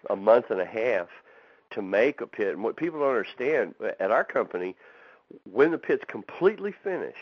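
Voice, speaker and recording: Here the owner of a fab shop that makes barbecue pits tells folksy stories in a casual interview, acting out the quotes. His voice is mid-range, sing-song, and slightly rough at a normal speed, and the dull, lo-fi recording is dry with no room sound.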